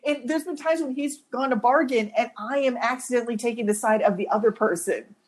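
Animated husky-voiced woman telling stories. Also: fairly high pitch, a little fast. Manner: animated, self-deprecating, laughs through her stories. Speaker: podcast co-host. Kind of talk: casual conversational storytelling.

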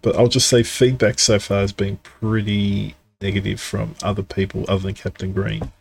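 A man's voice: fairly low pitch, flat delivery, normal speed, slight background noise. A man co-hosting a casual gaming podcast, giving frank, opinionated takes. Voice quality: gravelly, husky. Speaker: podcast co-host.

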